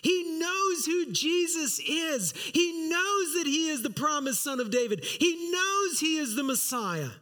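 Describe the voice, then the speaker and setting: Very high-voiced preaching man. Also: animated, unhurried, few pauses, sharp tone. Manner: earnest, emphatic preaching that reads scripture aloud. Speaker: pastor. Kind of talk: sermon with scripture reading.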